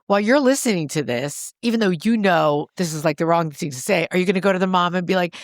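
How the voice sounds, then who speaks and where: A woman's voice: lowish voice, big pitch swings, quick pace, hardly any pauses, dry recording, studio quality. A woman podcast co-host chatting casually and expressively with her guest. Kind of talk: casual chat.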